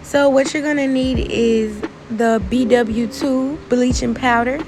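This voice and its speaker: A young woman talks viewers through a wig-care tutorial in a relaxed, slangy voice-over, speaking to them as y'all. Her voice sits a little high and carries a gravelly fry. Loud music plays underneath. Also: slow, low-quality recording. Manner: chatty, informal slang, addresses viewers as y'all. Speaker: beauty vlogger.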